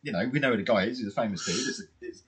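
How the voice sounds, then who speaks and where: A man's voice: on the low side, rapid-fire, fairly bright tone, breathy edge. A man co-hosting an unedited podcast, chatting casually, swearing and telling stories with silly voices. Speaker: podcast co-host. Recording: unedited home podcast mic.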